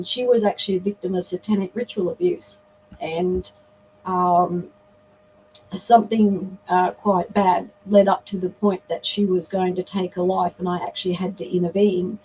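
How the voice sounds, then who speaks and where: A middle-aged woman, a guest on a live interview, tells a personal story earnestly and reflectively, often acting out quoted dialogue. Her voice is medium-pitched with a darkish tone, heard on a rough recording with slight background noise.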